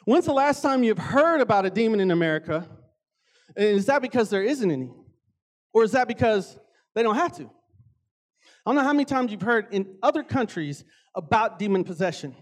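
A man preaching a casual sermon, animated and conversational, often acting out voices. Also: very high voice, normal speed, long pauses.

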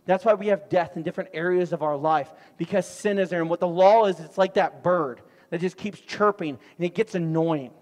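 A middle-aged man preaching a sermon, telling stories in an animated way with sudden loud outbursts. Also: sits high, brisk, hardly any pauses. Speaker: pastor. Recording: long hall reverb.

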